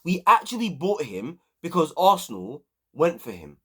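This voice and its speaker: A man rants about football to his viewers, his pitch swinging widely as he hammers the same points again and again. His voice sits a little high and he talks in loose, casual slang. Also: big pitch swings, normal speed, noisy background. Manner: heated, emphatic, repetitive ranting with slang. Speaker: football channel host. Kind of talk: ranting football review to camera.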